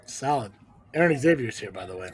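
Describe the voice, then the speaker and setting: A man's voice: mid-range voice, lively intonation, a little fast. Laid-back man hosting a podcast. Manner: laid-back, mutters asides under his breath. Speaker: podcast host and wrestling promoter. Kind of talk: casual podcast chat.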